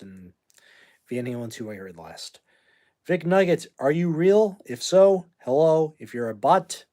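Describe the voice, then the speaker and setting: A man's voice: medium pitch, darkish tone. Man, 50s, from the US, livestream host, brash, rambling, talks trash to commenters. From United States. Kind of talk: casual livestream chat answering viewer comments.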